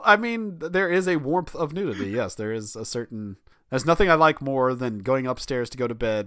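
A father co-hosting a podcast swaps family stories in a casual, comedic chat, laughing often as he tells them with animation. His voice sits fairly low, and the recording is dry with clean studio sound.

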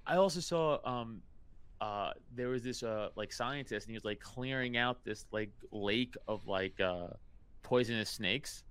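A man's voice: fairly low pitch, steady tone, a little slow, fairly bright tone, clear, resonant tone. A man in casual conversation, rambling and swearing freely, laughing often and slipping into mimicked voices. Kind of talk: casual chat.

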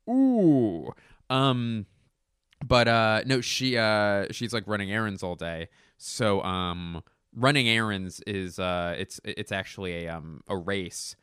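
A man's voice: lowish voice, steady tone, slow, a bit bright, clear, resonant tone, dry recording, studio quality. Rambling self-mocking male podcaster. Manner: rambling, self-deprecating, jokey. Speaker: podcast host. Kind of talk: solo podcast monologue. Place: home room. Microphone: podcast microphone.

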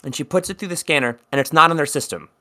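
A slightly high-voiced man from South Jersey, fast-talking, bright and forceful, co-hosts a podcast. He drifts through a long anecdote in easygoing conversation, swearing as he goes.

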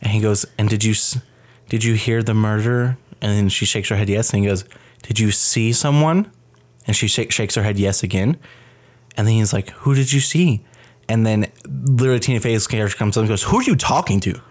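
A man hosting a podcast, retelling a film scene in casual chat, animated and profane. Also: lowish voice, fairly quick. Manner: animated, profane storytelling with many fillers. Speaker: podcast host reviewing a film.

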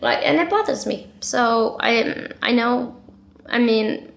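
A young woman with a fairly high voice and a lot of vocal fry talks fast and bluntly in a casual interview. She swears freely and fills her sentences with "like" and "right?". Her delivery is heated and passionate. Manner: many fillers like "like" and "right?". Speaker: interviewee, author of a story.

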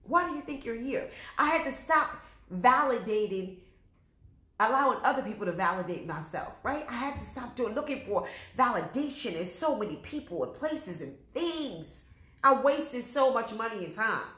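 A woman's voice: fairly high pitch, sing-song, normal speed, bright, forceful tone. Female podcast host, earnest testimony, talks straight to listeners, echoey room. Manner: earnest, direct address to listeners. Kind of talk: faith-based personal testimony.

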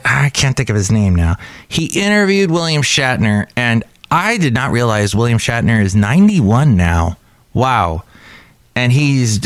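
A man hosting a casual solo podcast, rambling and chatty with excitable jumps in his voice. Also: medium pitch, no echo. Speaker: podcast host. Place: cafe.

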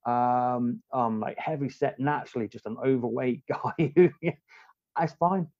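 A man's voice: mid-range voice, darkish tone, dry recording. Rambling man on a dull dry line. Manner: rambling, halting, many restarts and fillers. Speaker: podcast guest. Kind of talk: casual conversation.

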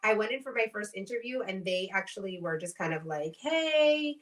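A woman with a mid-range voice talks fast, sounding far from the mic with slight background noise. Co-hosting a podcast, she chats casually and tells animated stories, acting out quoted voices and swearing freely.

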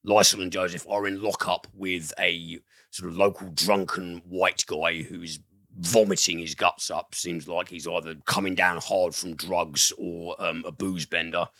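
Deep-voiced man chatting about films. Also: level tone, unhurried, creaky, bright, forceful tone, dry recording, clean studio sound. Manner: enthusiastic, profane, rambling. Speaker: film podcast host. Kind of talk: casual film review chat.

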